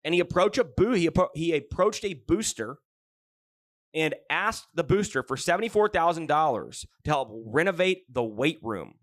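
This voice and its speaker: A man hosting a casual sports podcast, telling stories in an animated, jokey way with plenty of swearing. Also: a little high, moderate pace, no room sound, clean studio sound. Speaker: podcast host.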